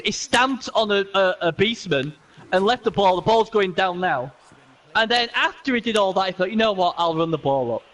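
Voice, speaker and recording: Male co-commentator for a game match, high voice, excitable, laughs a lot, repeats himself.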